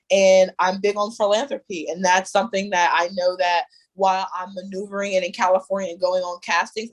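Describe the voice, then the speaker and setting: Speaking candidly as a coaching client, a young woman sounds earnest and emphatic, full of fillers and restarts. Her voice is medium-pitched and the recording is rough.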